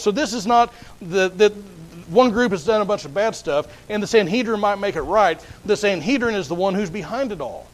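A man's voice: sits high, rough recording. A man preaching a sermon, explaining a Bible passage earnestly and often repeating words as he restarts. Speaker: pastor.

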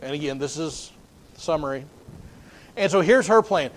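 A man with a notably high voice preaches a sermon, retelling the story as if chatting with his listeners. His delivery is folksy and loose, and he often restarts his phrases mid-thought. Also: expressive, normal speed.

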